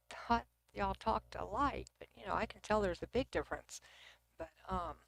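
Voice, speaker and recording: A middle-aged woman from Texas hosts a casual livestream, reading comments and talking with viewers at her computer in a Texan accent, sometimes almost whispering. The dry recording captures a creaky, medium-pitched voice at normal speed.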